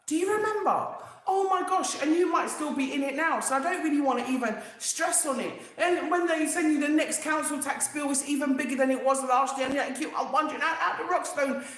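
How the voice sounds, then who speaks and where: A woman, hosting a casual live stream, animated and emphatic, repeating herself and talking straight to viewers. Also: high voice, fairly quick, few pauses. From England. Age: 50s. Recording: very echoey room.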